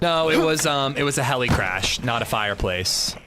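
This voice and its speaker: In casual chat while playing, a male gaming livestream host tells animated, joking stories. His mid-range voice moves at a moderate pace, with background noise present.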